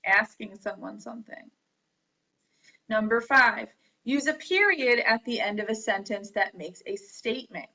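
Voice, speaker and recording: Woman teacher, unhurried grammar lecture, crisp bright tone, muffled lo-fi sound. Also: fairly high pitch, expressive. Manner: deliberate, spelling words out letter by letter. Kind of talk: slow classroom lecture on grammar. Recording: dull lo-fi recording.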